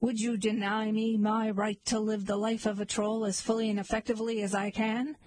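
A woman voicing a hungry, self-pitying male troll who guards a bridge, with a gruff manner. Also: medium pitch, little pitch movement, moderate pace, a little mellow, no echo, close to an everyday voice. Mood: menacing. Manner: gruff, then pleading and sobbing.

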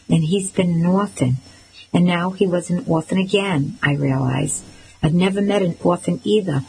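Audiobook narrator, woman, measured reading, slightly low voice. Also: a little mellow, slight background noise, low-quality recording. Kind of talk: first-person storybook narration.

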